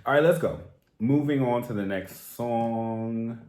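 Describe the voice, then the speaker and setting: A man hosting a music reaction, talking straight to the singer in a theatrical, animated way. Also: medium pitch, unhurried, echoey room. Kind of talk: casual song reaction commentary.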